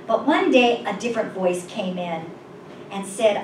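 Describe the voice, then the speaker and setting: A woman's voice: medium pitch, a little slow. Woman preaching in an echoey room. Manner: expressive, emphatic reading. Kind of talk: sermon with story telling. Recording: distant echoey mic with background noise.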